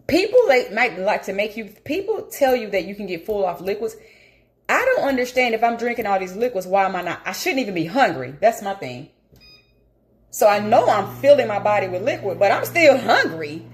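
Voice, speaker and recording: A woman vlogs in a casual, rambling chat, talking while she eats and admitting she feels anxious. Her voice is medium in pitch at a moderate pace, and she stays animated throughout.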